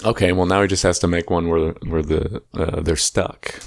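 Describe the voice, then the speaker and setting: A man's voice: low voice, steady tone, normal speed, gravelly, no echo, clean studio sound. A man co-hosting a podcast, rambling and laughing as he acts out comic skits. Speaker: podcast co-host. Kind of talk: crude comedic banter.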